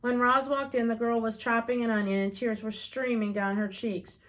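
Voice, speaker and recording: A woman reading a children's novel aloud as an audiobook reader, unhurried and gently expressive. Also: fairly high pitch.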